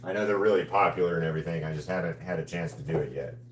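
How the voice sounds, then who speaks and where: Man, deep voice, laid-back rambling host of an art live stream. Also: rapid-fire, a little hiss or hum. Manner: relaxed, rambling, greets viewers by name. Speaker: artist live-streaming a painting session. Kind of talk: casual live-stream chat with viewers.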